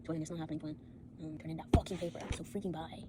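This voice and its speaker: Teen girl vlogger, very fast talking, tired, rambling, swearing, filmed on a phone at home. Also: deep voice, big pitch swings, gravelly, over a noisy crowd. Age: teens. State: tired from an all-nighter. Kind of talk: rambling late-night vlog.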